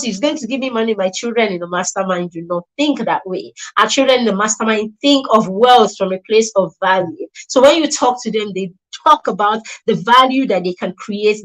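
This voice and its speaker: Hosting a children's mentorship program and promoting it, a woman speaks emphatically and persuasively, returning to her key points and leaning on key words. Her voice is medium in pitch and a bit bright, captured on poor audio.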